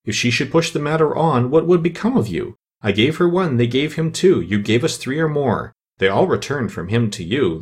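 A man's voice: mid-range voice, breathy edge. Timid rabbit courtier, careful recitation, read by a man.

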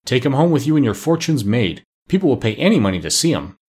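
A man's voice: mid-range voice, big pitch swings, fast talker, a little mellow, slightly rough. A man doing Chi-Chi, a proud eager monkey. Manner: proud, persuasive.

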